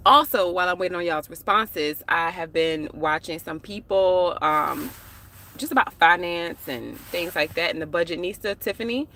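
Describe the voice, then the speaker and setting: Woman live-streamer, bright, forward voice, chatty and slangy, speaking into a phone in a parked car. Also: lowish voice, normal speed. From United States. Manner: chatty, talks straight to viewers with slang and asides. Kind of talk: casual live-stream chat.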